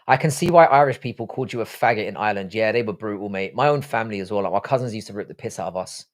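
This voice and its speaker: A man's voice: on the low side, rapid-fire. A middle-aged man with a posh English accent, hosting a casual live stream with rambling, sweary chat. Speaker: livestream host.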